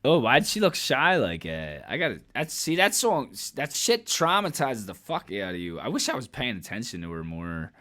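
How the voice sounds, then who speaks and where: Man, reaction vlog host, candid, profane, rambling, laughs a lot, middle-range pitch. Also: huge pitch swings, moderate pace, few pauses, a bit bright, slight background noise. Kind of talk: casual reaction commentary.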